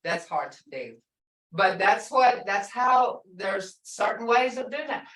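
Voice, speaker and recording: A woman's voice: medium pitch, animated, takes it slowly, a bit bright. An older woman teaching a language class over a video call, patiently stretching out words to show how they sound. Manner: patient, drawing out words to model pronunciation. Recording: roomy sound from far off the mic.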